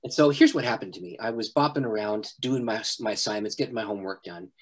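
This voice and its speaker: A middle-aged man, a pastor, telling a personal story in an interview, animated and often laughing. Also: lowish voice, fast. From Canada.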